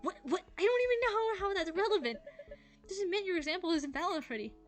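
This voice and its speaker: A woman's voice: extremely high pitch, expressive, fast talker, pitched above the performer's own voice. A woman voicing a serious, studious teenage girl in a game who lectures earnestly, with game music behind. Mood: exasperated.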